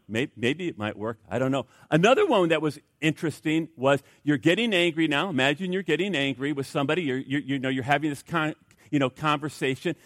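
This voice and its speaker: Humorous pastor with a dry sound. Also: male voice, fairly high pitch, no room sound. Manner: conversational and humorous, with many fillers and restarts. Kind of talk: sermon.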